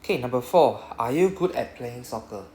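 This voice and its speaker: A man with a Singaporean English accent teaching a Japanese class, explaining patiently and drilling phrases slowly. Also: medium pitch, lively intonation, darkish tone, reverberant, a little hiss or hum.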